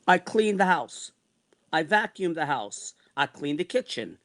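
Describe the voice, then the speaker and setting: A heated man in his sixties vents in a high-set voice, circling back over the same points. He swears freely and keeps pressing his complaints. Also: big pitch swings, a little slow, a bit bright. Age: 60s. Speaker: vlogger. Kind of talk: angry personal rant.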